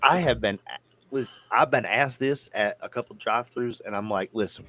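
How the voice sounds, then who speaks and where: A man's voice: medium pitch, normal speed, sharp tone. A man from near the Georgia-Tennessee border with a Southern accent, co-hosting a casual podcast chat with rambling, profane, jokey storytelling. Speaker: podcast co-host.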